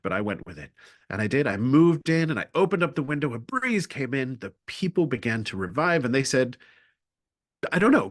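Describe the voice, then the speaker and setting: Animated comic male storyteller. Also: mid-range voice. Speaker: webinar presenter. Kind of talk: storytelling presentation. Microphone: video call.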